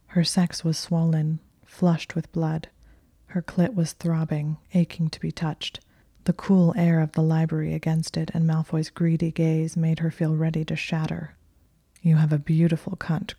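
Fields: Sex: woman. Role: narrator. Style: whispered story narration. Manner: slow, hushed, even. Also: low-pitched, no echo, studio quality.

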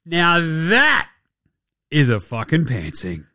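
A man's voice: fairly high pitch, animated, normal speed, noisy background. A young Australian man hosting a casual sports podcast, joking and swearing through his talk. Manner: irreverent, sweary, jokey banter. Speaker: podcast host.

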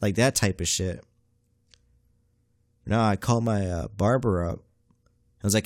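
Young man, lowish voice, dry close sound; profane, slangy, self-mocking rambling host. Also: a little slow, long pauses, no echo. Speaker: podcast host. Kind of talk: casual comedic monologue.

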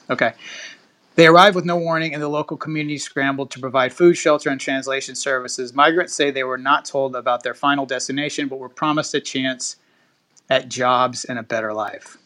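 Man, podcast host, casual, chatty, reads news with asides, tense bright voice. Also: medium pitch, steady tone, normal speed. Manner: chatty, laughs while reading, digresses.

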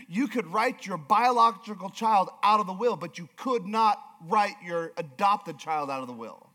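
A man's voice: high-pitched, animated, unhurried, pushed and bright. A male pastor preaching a sermon with emphatic, repeated phrases.

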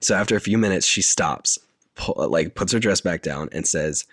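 A man with a very low voice talks through a film's plot in a loose, chatty way, full of fillers. The sound is dry and close, with no room in it. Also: normal speed, no echo. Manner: retells scenes in deadpan detail, filler-heavy. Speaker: podcast co-host recapping a film. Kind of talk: casual chat.

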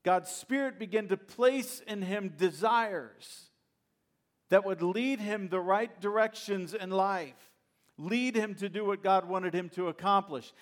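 Give me a high-voiced man preaching, lively and joking with his congregation. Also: a little slow. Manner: animated storytelling with humorous asides; addresses congregation directly. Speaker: pastor. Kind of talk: sermon.

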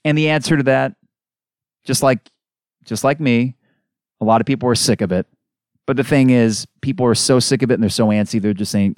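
A man hosting a solo sports podcast, ranting in an exasperated, animated way. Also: medium pitch, brisk, long pauses, clear, resonant tone, dry recording, clean studio sound. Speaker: podcast host.

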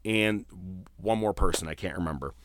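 Profane, animated man hosting a podcast. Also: low-pitched, normal speed, a little hiss or hum. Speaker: podcast host. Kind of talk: casual wrestling podcast chat.

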